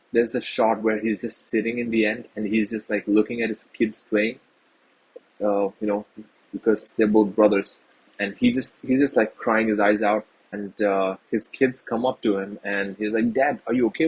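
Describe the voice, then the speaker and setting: A man's voice: on the low side, breathy edge, rough recording. A man giving a casual, rambling film review to his viewers, earnest and full of fillers.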